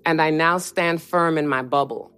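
A woman being interviewed, telling a personal story in an animated way and acting out what other people said to her. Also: low-pitched, normal speed, clean tone. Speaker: interview guest.

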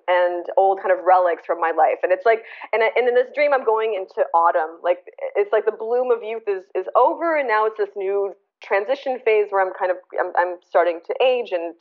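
American woman on a tinny phone line. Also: mid-range voice. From United States. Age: 30s. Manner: earnest, searching, full of restarts and fillers. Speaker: guest artist. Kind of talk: casual interview storytelling.

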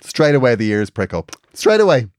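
An Irish man telling a story with a pitch that swings all over the place. His delivery is animated and ranting, and his voice comes across dry and close. It sounds like casual podcast chat. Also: brisk, no echo. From Ireland. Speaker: podcast co-host.

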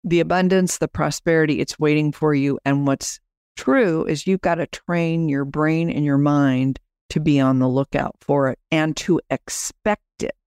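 A woman's voice: low-pitched, steady tone, normal speed, a little mellow, smooth, no echo, studio quality. A woman podcast host and business coach, chatting as she explains her program and guides listeners through an exercise.

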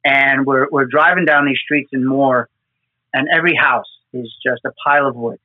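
A man's voice: medium pitch, steady tone, moderate pace, dry recording. Earnest man on a tinny phone-like line. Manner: earnest, emotional, repeats words while telling stories. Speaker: disaster responder with New York fire department team. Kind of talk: conversational storytelling.

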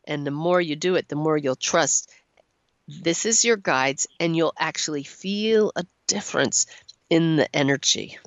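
A middle-aged woman hosting a call-in radio show, encouraging and quick to laugh. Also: deep voice, no echo, highs cut off. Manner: warm-voiced, encouraging, laughs often. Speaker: radio show host and channeler. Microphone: studio microphone.

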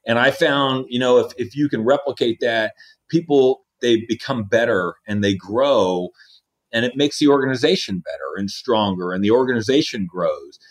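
A man in his fifties, an Army division commander, earnestly recounting personal stories in an interview and acting out quoted dialogue. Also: on the low side. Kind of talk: interview storytelling.

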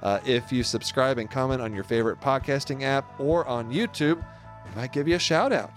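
A man's voice: mid-range voice, normal speed, faint music behind. A man in his thirties co-hosting a podcast, reading the outro in a joking, casual way with many restarts. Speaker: podcast co-host.

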